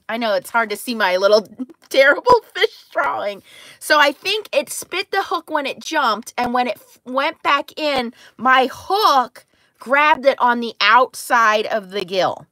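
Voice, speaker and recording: A middle-aged woman hosting a crafting stream, telling a story in an animated way, laughing and acting out quotes. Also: high-pitched, no echo. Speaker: crafting livestream host. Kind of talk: casual storytelling chat.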